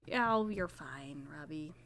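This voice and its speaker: With an animated voice that sits low, a weary woman streamer talks casually and sleepily. She stretches out her words, laughs softly, and lets her thoughts trail away.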